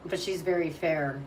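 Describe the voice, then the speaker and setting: A woman tarot reader with a lowish, mellow voice chats casually and coos baby talk to her dog. The mic is distant, with a faint hum in the background.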